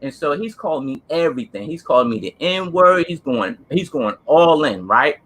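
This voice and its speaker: Bright-voiced New man, earnest storyteller. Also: on the high side, very animated, normal speed, slight background noise. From New Jersey. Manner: earnest, emphatic, street-casual storytelling. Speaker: co-host, former police officer. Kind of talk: casual storytelling chat.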